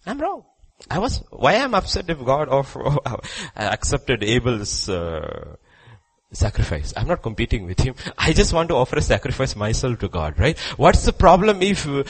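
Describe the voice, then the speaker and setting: A man's voice: a little high, fairly bright tone, breathy edge, pitched above the performer's own voice, exaggerated voice. A man preacher acting out a sulking young man reasoning with himself in rising, questioning tones.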